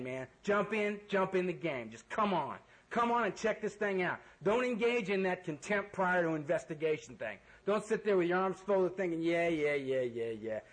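A man's voice: high-pitched, low-quality recording. A man giving a blunt, joking and earnest personal testimony as the speaker at a recovery meeting, swearing casually. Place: meeting room full of people.

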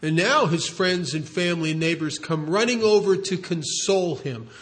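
A man speaking at a recovery meeting, telling a story in an earnest, animated way. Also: fairly high pitch, moderate pace. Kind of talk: storytelling talk.

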